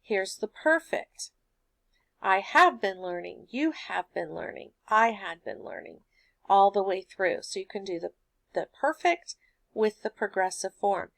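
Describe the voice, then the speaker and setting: Slow, patient woman teaching grammar. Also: mid-range voice, gravelly, fairly bright tone, no room sound. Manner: patient, explains step by step with homely examples. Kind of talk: recorded grammar lesson.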